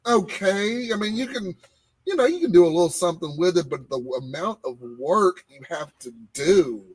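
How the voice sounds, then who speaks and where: A man, co-hosting a casual podcast and telling animated stories about his old job. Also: high-pitched, moderate pace, breathy edge, rough recording. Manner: animated storytelling, repeating phrases. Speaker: podcast co-host. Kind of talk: casual chat.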